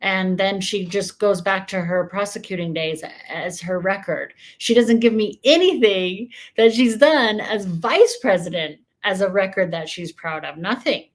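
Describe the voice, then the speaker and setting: A woman's voice: mid-range voice, measured pace, hardly any pauses. A woman reacting to news clips with sarcastic, increasingly heated commentary.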